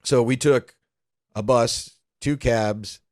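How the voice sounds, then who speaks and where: A man's voice: mid-range voice, steady tone, takes it slowly, darkish tone, no echo, studio quality. A young adult man from the American South co-hosting a podcast, telling a travel story in a casual, profane way. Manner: swears often, storytelling. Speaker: podcast co-host. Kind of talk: casual chat.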